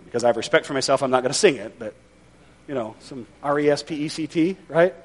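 A man's voice: medium pitch, fast talker. A male pastor preaching a sermon in a conversational, folksy way with wry humor.

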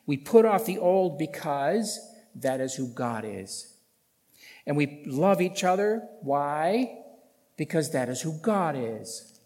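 Male pastor, sermon delivery, emphatic and deliberate, long church reverb. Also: a little high, very animated. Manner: emphatic, rising loud on key points, rhetorical questions.

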